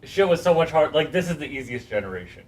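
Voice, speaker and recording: A man's voice: on the high side, sing-song, quick pace. A man hosting a casual interview, laid-back and laughing, swearing casually. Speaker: podcast host. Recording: distant mic with faint room noise.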